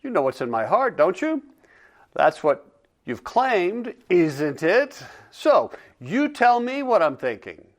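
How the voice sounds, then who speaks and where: Bitter, mocking accuser, read by a man, lively and high-pitched, sarcastic. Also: a little slow. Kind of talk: dramatic reading of a dialogue.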